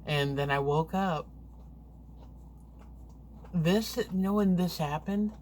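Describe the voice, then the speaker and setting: Slow, chatty woman vlogger telling stories. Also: fairly low pitch, slight background noise. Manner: chatty, rambling, animated retelling. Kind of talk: casual storytelling to camera.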